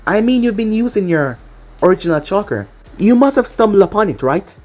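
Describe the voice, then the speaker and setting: A cocky young ninja boy, calm and teasing, as a woman narrator voices him. The voice sits a little lower than her narration, with lively pitch movement. Soft music plays faintly underneath. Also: brisk, natural voice.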